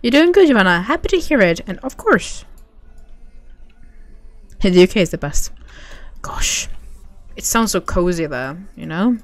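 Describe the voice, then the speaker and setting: A woman's voice: medium pitch, big pitch swings, normal speed, pauses often, no room sound, soft background music. A young woman chatting casually with viewers while streaming a game, bubbly and giggly. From Sweden. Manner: bubbly, giggly, reads chat aloud. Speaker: livestream gamer. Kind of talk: casual livestream chat with viewers.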